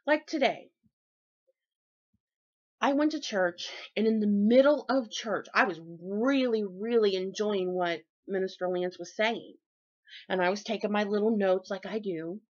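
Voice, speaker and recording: A woman vlogging about her faith in a folksy, preachy way, with a mid-range voice. She swings between high excited bursts and low, soft asides. The recording is dull and lo-fi. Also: a little slow. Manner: lively, folksy and preachy, with big swings in pitch and loudness. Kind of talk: casual faith vlog, sermon-like.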